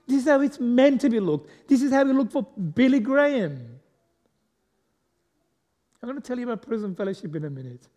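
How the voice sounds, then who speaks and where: Guy preaching a sermon, chatty, keeps asking the crowd stuff, mellow voice, long echo around him. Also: very high voice, very animated, a little fast, pauses often. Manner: conversational, asks the congregation questions, self-deprecating humour. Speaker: guest preacher. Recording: long echo of a large hall.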